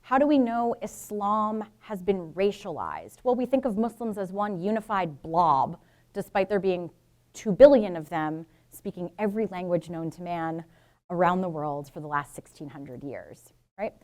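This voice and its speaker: A woman's voice: on the low side, expressive, moderate pace, darkish tone. A middle-aged woman from Brooklyn and New Jersey giving a public lecture as a professor, frank and informal, with asides to the audience.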